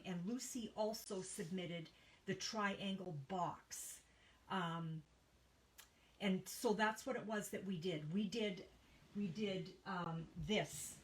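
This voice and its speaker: A woman's voice: medium pitch, slight background noise, low-quality recording. A woman hosting a live papercraft stream from her home studio, chatting casually with viewers, reading out their names, with a tickle in her throat that makes her cough. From Canada. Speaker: papercraft livestream host.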